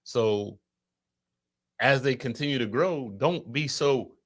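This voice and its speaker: A man's voice: mid-range voice, slow, fairly bright tone. A man with kids co-hosting a podcast, talking loosely and profanely and preaching straight at his viewers. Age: adult with children. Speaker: podcast co-host. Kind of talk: casual podcast chat.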